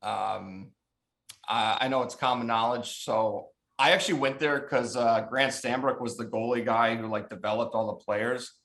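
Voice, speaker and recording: A man's voice: medium pitch, fairly even intonation, normal speed, creaky, a bit bright. A man in his thirties from the Chicago suburbs, a former hockey goalie, telling stories in a casual, profane podcast chat and laughing often. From Chicago south suburbs, USA.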